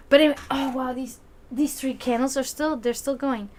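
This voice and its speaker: A woman telling a long family story in a casual way, acting out the people she quotes and laughing often. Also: high-pitched. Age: adult, grew up with a brother. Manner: animated, acts out quoted voices, laughs often, profanity. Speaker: community gathering host.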